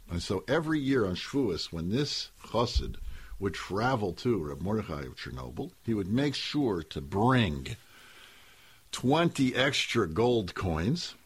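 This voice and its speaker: A man's voice: lowish voice, slightly rough. A man hosting a radio show, telling a folk story in a casual, conversational way with slang asides.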